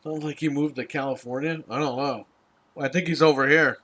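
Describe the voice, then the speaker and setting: A man rants casually on his podcast, exasperated and swearing through a long story. His voice sits a little high with a bright, tense edge. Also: fairly even intonation, fairly quick. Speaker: podcast host. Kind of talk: casual ranting chat.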